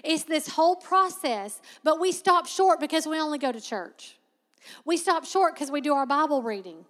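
A woman preaching a sermon as a Bible teacher, conversational but emphatic and slowing sharply to stress key words. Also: high voice, expressive, fairly bright tone, big-room sound.

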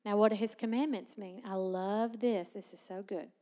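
A woman preaching a sermon, teaching with lively asides and frequent laughter. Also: mid-range voice, normal speed, big-room sound.

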